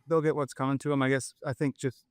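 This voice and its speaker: A man's voice: medium pitch, flat delivery, fast talker, smooth, dry recording. A man talking as a guest on a podcast, hesitant with many fillers and holding back frustration. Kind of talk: casual podcast chat.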